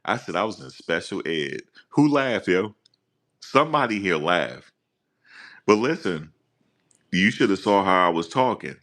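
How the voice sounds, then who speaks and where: A man hosting a live stream, talking casually and teasing his viewers in an animated rant. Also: low-pitched, a little slow, long pauses.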